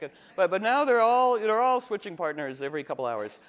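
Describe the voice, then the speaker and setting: A man talking in a meandering casual monologue as an astrologer, full of fillers and restarts, animated and playful. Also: high-pitched, fast talker, hardly any pauses. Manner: animated, slips into playful cooing voices.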